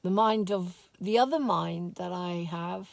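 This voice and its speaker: A woman teaching a spiritual course in a slow, soft, heartfelt way, openly sad as she talks. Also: on the low side, gravelly, no room sound. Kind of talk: reflective spoken talk.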